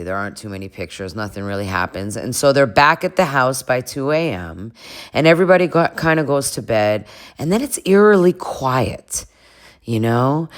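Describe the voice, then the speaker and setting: A woman casually recapping a reality show in a chatty, gossipy way, with laughing asides. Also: very deep voice. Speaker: recap vlogger.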